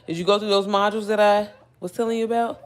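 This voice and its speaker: A chatty young woman from Indiana hosts a casual livestream from home, talking into her phone. Her voice sits at a middle pitch as she greets viewers by name and reads their comments aloud. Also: fairly even intonation, fast. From Indiana, United States. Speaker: livestream host. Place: indoors at home.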